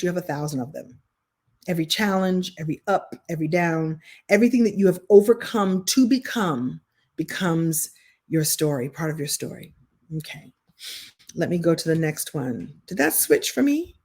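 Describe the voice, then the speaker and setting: A woman's voice: medium pitch, a little mellow. A middle-aged woman teaching an online writing masterclass, telling stories expressively in a chatty style with frequent restarts. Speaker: writing coach.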